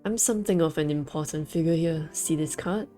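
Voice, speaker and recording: A woman's voice: low voice, fairly quick, dark tone, soft background music, close to an everyday voice. A woman reading the lines of a self-important male bird who is a regular customer, speaking boastfully. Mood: proud.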